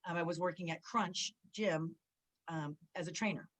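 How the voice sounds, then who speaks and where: A woman's voice: fairly low pitch, normal speed, poor audio. A woman in her forties from Southern California, a former wrestler, chatting as an interview guest and acting out what people said. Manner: animated storyteller, acts out quoted dialogue with many fillers. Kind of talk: casual interview chat.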